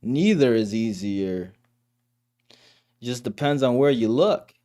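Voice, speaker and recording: A man's voice: medium pitch, lively intonation, slow pace, dark tone. A man hosting a casual livestream podcast, reading the chat and joking loosely with plenty of swearing.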